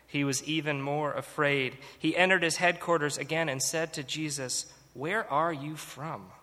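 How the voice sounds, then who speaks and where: A man giving a measured, steady reading of scripture. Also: fairly high pitch. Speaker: scripture reader. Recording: long hall reverb.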